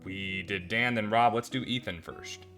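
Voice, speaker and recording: Bright-voiced man hosting a casual chat. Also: lowish voice, a little slow, faint music behind. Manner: conversational, thinking aloud, self-deprecating. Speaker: podcast host.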